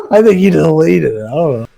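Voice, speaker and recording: A male podcast host with a somewhat high voice, ranting and cursing his way through casual chat. His talk is loose, exasperated and full of swearing. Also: vocal fry.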